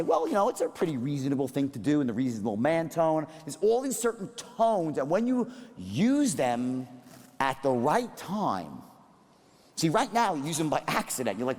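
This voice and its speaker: A man running a sales seminar, lively and profane, jumping around in pitch as he acts out tones of voice. His voice sits a little high and rings with a long hall reverb. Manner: animated, profane, demonstrates tones of voice. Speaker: sales trainer. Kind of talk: live seminar talk.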